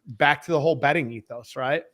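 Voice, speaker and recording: A man's voice: a little high, brisk, a bit bright. A man on a podcast as a guest, talking casually in a profane, emphatic, rambling way about selling. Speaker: podcast guest, head of sales.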